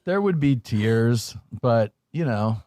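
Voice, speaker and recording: A man's voice: medium pitch, lively intonation, slow pace, dark tone, no echo, studio quality. A male comedian in casual podcast chat, easygoing and offhand, often chuckling.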